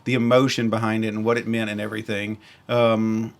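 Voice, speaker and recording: A man's voice: fairly low pitch, level tone, a little fast. A man hosting a podcast, chatting casually and with enthusiasm, rambling and correcting himself as he goes. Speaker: podcast host. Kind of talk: casual chat.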